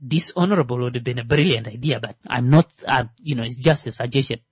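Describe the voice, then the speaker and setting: Animated stand-up comedian, man. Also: mid-range voice, quick pace, husky, no echo. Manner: animated, full of fillers and restarts; swings between loud rising jokes and muttered asides.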